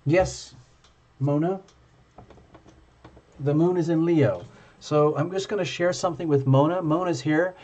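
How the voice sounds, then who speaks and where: A man hosting a live tarot stream, chatting with viewers in an excitable, gushing and playful way. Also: on the high side, measured pace, long pauses. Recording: dull lo-fi stream audio.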